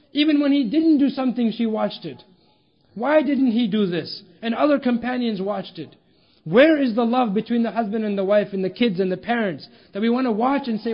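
A man preaching a sermon with emphatic rhetorical questions and storytelling. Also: very high-pitched. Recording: dull lo-fi recording.

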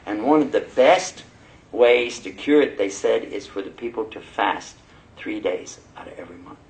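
A man preaching a sermon, telling personal stories in a lively way and laughing as he goes. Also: on the low side, normal speed, gravelly, slight background noise, poor audio. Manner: animated, laughing storyteller. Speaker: Muslim preacher.

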